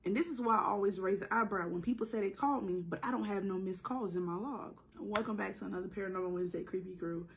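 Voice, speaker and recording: A woman's voice: medium pitch, quick pace, creaky, few pauses. A woman with a sore throat telling a scary story in a casual, joking way with slangy asides.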